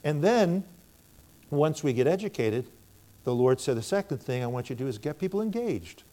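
A man's voice: a little high, very animated, normal speed, warm tone. An older American man preaching, telling stories from his ministry and acting out both sides of the conversations. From United States. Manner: storytelling, acts out both sides of conversations in a raised voice. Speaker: minister speaking to a church. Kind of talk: preaching testimony.

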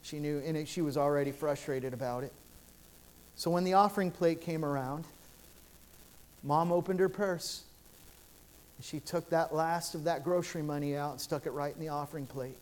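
A man's voice: on the high side, normal speed, long pauses. A male pastor preaching a sermon in a church sanctuary, telling stories in an earnest, repetitive way with frequent restarts.

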